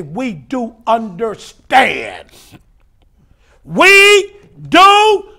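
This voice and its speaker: A man preaching and teaching scripture, emphatic, rising to shouts and spelling out words. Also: sits high, vocal fry. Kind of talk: sermon-style Bible teaching.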